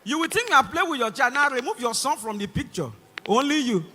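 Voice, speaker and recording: High, bright Nigerian stand-up comedian. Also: male voice, fairly quick. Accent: Nigerian English. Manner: animated, acts out voices and shouts. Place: large concert hall stage. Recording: live concert hall reverb.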